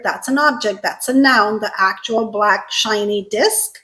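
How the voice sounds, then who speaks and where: A woman teaching English pronunciation, speaking slowly and carefully, stressing syllables to contrast word pairs. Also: mid-range voice, sharp tone, rough recording. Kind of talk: scripted teaching.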